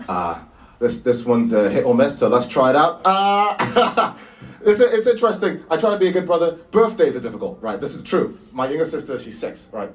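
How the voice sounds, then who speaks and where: A man's voice: fairly high pitch, big pitch swings, normal speed, far from the mic. A man, doing a live stand-up set with a dry, self-mocking delivery. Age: 20s. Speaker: stand-up comedian. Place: small bar venue with live audience.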